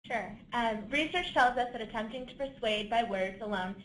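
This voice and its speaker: Female webinar helper, a touch high-pitched, calm and good-humored reader; echoey speakerphone sound with faint noise. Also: normal speed. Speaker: webinar co-host and volunteer reader.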